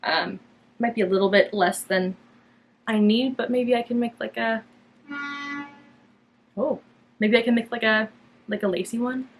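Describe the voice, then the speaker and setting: A woman's voice: a little high, steady tone, unhurried, pauses often, a little hiss or hum. A young woman from Canada hosting a knitting podcast, chatting casually and rambling with lots of fillers. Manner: chatty and rambling, many fillers, bright lifts when quoting herself. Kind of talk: casual chat to camera.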